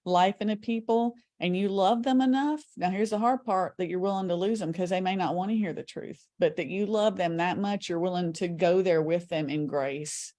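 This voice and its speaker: A woman guest on an interview show, telling a story in an earnest, animated way. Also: lowish voice, normal speed, hardly any pauses. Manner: animated storyteller, earnest, talks with shifting speed.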